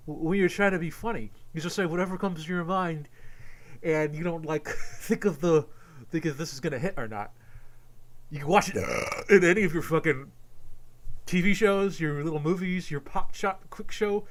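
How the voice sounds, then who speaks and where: Brief: male reaction host, slightly high voice, constant cursing, mocking rant. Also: moderate pace. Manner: ranting, mocking, swears constantly, laughs at clips. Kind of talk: profane reaction commentary. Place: home computer setup.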